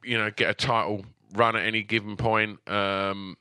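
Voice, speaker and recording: A man co-hosting a podcast, talking casually in a halting way with many ums and some dry teasing. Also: fairly low pitch, flat delivery, pushed and bright, smooth, no room sound. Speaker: podcast co-host. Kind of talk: casual chat.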